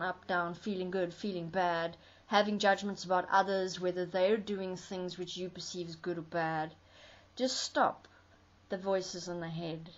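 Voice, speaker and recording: A woman speaks in an earnest, explanatory tone, stacking her points into rhythmic lists. Her voice sits at a middle pitch for a woman. The recording sounds dull and lo-fi. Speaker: commentator. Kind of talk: spoken commentary.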